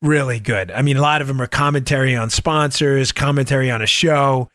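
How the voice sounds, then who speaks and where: A man hosting a political talk podcast, ranting in an animated, mocking way with quick asides. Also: medium pitch, no echo, studio quality. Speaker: podcast host. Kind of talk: political talk show monologue.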